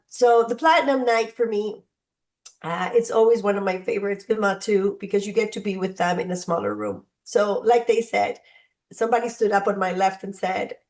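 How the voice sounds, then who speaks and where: A woman hosts a mentoring session over a video call. Her pitch sits in the middle range, and her talk is chatty and encouraging as she calls on members by name. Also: a little mellow. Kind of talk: casual motivational talk on a group call.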